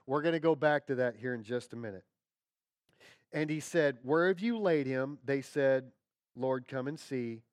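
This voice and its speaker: A man preaching a sermon in a conversational, folksy way, checking in with his listeners and dropping to quiet tones for emphasis. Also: mid-range voice, moderate pace, no room sound, clean studio sound. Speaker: pastor.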